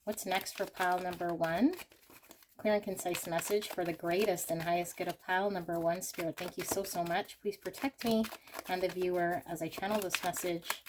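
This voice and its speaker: A woman's voice: on the low side, fairly even intonation, normal speed, noisy background. A woman hosting a pick-a-card tarot reading, talking in a gushing, exclamatory way as she turns the cards. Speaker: tarot reader.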